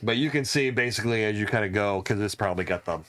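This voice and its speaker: A man's voice: on the low side, fast talker, a bit bright. A man running a tabletop game as game master, narrating loosely with lots of hedges.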